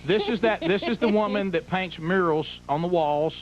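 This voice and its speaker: A man hosting a radio show, bantering quickly and defensively about gifts stacked on his desk. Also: high voice. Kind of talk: casual studio banter. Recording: dull lo-fi with faint noise.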